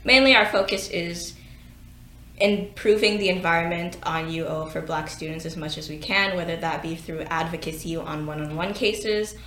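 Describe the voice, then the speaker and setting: A woman guest from a student association, explaining its work in a quick, casual, informative way. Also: on the low side, bright, forceful tone, reverberant, a little hiss or hum. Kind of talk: casual chat.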